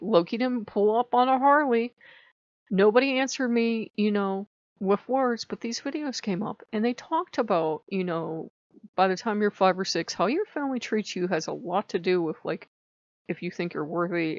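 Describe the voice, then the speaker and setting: A woman's voice: medium pitch, dry recording. A middle-aged woman vlogging about her own life, blunt and confessional, swearing freely as she tells her story. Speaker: spiritual vlogger. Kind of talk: candid personal storytelling. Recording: dull lo-fi home recording.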